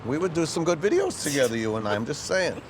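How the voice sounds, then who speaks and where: Danny Reagan, a joking cop. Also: male voice, a little high, sing-song, quick pace. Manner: easygoing, teasing banter. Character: veteran male city police detective, playful. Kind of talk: TV police drama scene. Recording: street noise in a TV drama clip.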